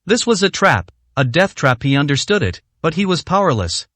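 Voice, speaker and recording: A man narrating a translated fantasy novel in steady, scripted storytelling. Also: on the high side, moderate pace, dry recording.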